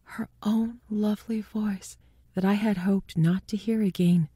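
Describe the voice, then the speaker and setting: A woman narrating a ghost story from a script in a hushed, breathy delivery that often drops to a whisper. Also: medium pitch, fairly even intonation, unhurried, dry recording.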